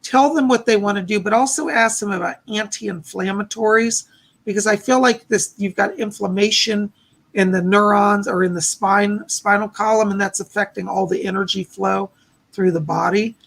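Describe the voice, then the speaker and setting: A man hosting a livestream of psychic readings, hoarse and losing his voice, who gently relays messages and reassures each viewer. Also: high-pitched, steady tone, normal speed. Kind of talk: live psychic readings answering chat.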